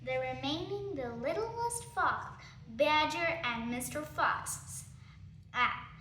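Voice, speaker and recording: A female storyteller reading a children's story aloud, halting with restarts and slips, in an echoey room. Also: sits high, lively intonation, bright, forceful tone, slight background noise.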